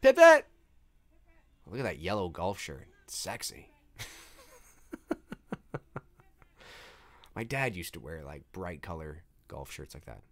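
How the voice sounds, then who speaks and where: Man, host of a casual live movie commentary. Excitable and profane, with a lively, swinging pitch. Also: normal speed, few pauses. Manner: excitable, swears freely, reads chat aloud.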